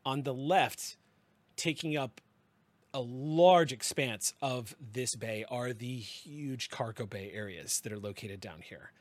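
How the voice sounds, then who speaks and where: A man running a tabletop game as game master, narrating scenes in an unhurried, descriptive way with small restarts. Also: medium pitch, dry recording.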